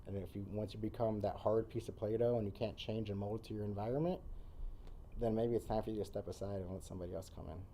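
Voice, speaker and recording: A man's voice: on the low side, steady tone, fast, mellow, slight background noise. A man talking earnestly as a podcast guest in casual conversation, repeating phrases for emphasis.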